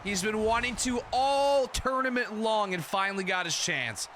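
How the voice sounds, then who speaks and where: Streaming a football video game, a young man calls the plays in a casual, excitable, profane way and frequently bursts into shouting. His voice sits high at a moderate pace, and there's a little hiss or hum.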